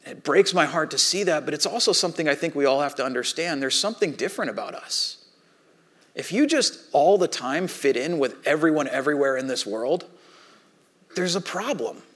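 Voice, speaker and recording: Storytelling pastor with a higher voice. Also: male voice, lively intonation, brisk, a bit bright. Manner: conversational storytelling, acts out quoted dialogue. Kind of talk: sermon.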